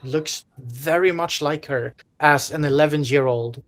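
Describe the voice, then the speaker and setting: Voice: medium pitch, unhurried. A game master running a horror tabletop session with a mid-range voice. The narration wanders, full of "like" and restarts as the scene gets painted. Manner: rambling, descriptive, with many fillers.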